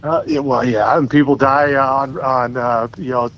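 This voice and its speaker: A man calling in to a podcast, chatting in a relaxed, self-mocking way. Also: medium pitch, measured pace. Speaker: phone-in guest. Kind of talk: casual phone chat. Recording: tinny phone line with faint hiss.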